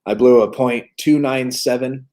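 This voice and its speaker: A man's voice: mid-range voice, fairly even intonation, a little slow, a little mellow, faint music behind. A man in his forties hosting a recovery livestream, talking candidly and joking in casual chat. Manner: candid, joking, plain-spoken.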